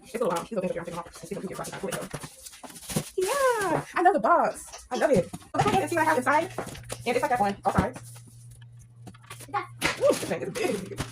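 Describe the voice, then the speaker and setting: Excited chatty woman unboxing, quick talker. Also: on the high side, noisy background. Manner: chatty, excited, many fillers, says "y'all". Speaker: vlogger. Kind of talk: casual unboxing vlog.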